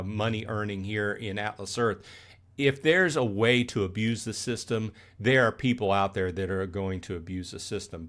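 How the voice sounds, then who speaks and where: A man's voice: on the low side, fairly bright tone. A man hosting a casual gaming livestream, rambling and restarting his sentences, often checking in with "okay?" and "right?", and getting fired up as he explains. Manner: gets fired up. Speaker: livestream host.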